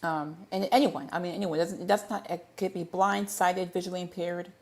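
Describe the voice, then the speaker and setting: A woman's voice: lowish voice, steady tone, a little fast, darkish tone. A woman hosting a casual livestream Q&A, rambling and often stumbling over her words and correcting herself. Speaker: livestream host.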